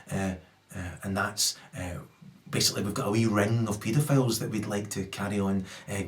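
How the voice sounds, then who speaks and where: A man voicing a smug, cruel corporate villain in a low, muttering tone. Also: close to an everyday voice.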